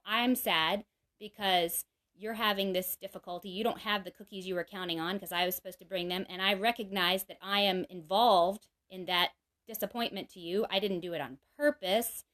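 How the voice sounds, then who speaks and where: A woman's voice: mid-range voice, fairly bright tone. A woman in her thirties explaining a parenting idea in a casual talk, full of "you know" and "right?", acting out quoted lines in a livelier voice. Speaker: parenting speaker.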